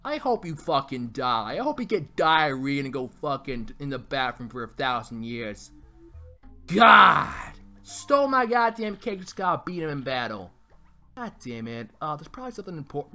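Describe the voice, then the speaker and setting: Lively, bright-voiced man trash-talking a game. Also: mid-range voice. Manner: crude, joking, trash-talking, swears a lot; mock-taunts enemies in bursts. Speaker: let's play gamer. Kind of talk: blind playthrough commentary. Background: faint game music.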